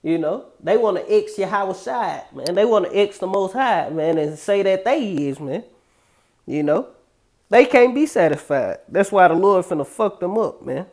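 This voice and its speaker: A man reading scripture verses slowly, then breaking into loose, profane street-slang commentary and calling listeners "man" again and again. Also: high voice, expressive, a little mellow. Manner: addresses listeners with a repeated "man". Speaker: scripture teacher.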